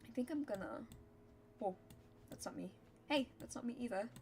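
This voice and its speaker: A woman's voice: a little high, expressive, moderate pace, gravelly, warm tone. A woman streamer chatting casually and giggling while she plays and thinks aloud. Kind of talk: casual game commentary.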